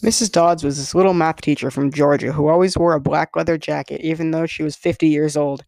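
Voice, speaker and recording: A man's voice: fairly high pitch, fairly even intonation, brisk, creaky, darkish tone, no room sound. A man reading a novel aloud as first-person narrator, in a casual storytelling way with the odd stumble. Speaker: reader.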